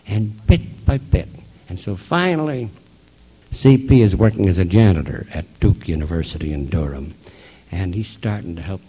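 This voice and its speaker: A man tells a story in a husky, low voice. His tone is dark and mellow. He retells it with life, often dropping into the voices of the people he describes. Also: in a large hall. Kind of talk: spoken storytelling talk.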